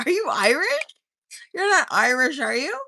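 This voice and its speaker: A woman hosts a casual livestream, reading viewer comments, chatting and teasing, often laughing and singing short snippets. Her high voice is sing-song, gravelly and sharp in tone, at a moderate pace.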